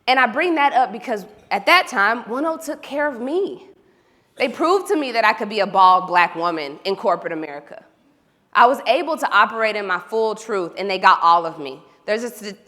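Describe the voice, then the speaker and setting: A woman from Oklahoma, giving an animated, storytelling keynote speech and talking straight to the audience. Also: mid-range voice. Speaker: keynote speaker. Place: large hall. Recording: reverberant event hall.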